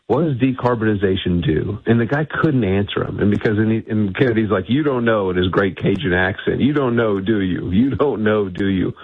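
A man speaking as a guest in a radio interview by phone, assertive and quick, often restarting his sentences. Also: fairly low pitch, husky, dry recording. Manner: assertive, talks fast with frequent restarts. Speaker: guest, energy think tank executive. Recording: tinny dry phone line.

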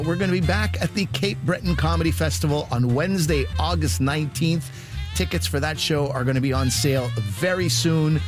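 A man hosting a comedy show, giving upbeat scripted announcements and introductions. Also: medium pitch. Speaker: show host. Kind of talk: scripted radio-style announcement. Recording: voice over guitar music. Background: guitar music.

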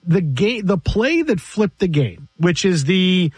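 Lively high-voiced male radio host. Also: breathy edge, no echo. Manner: animated, jokey, quick back-and-forth. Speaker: radio sports talk host. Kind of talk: sports talk radio banter. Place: radio studio. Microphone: studio mic.

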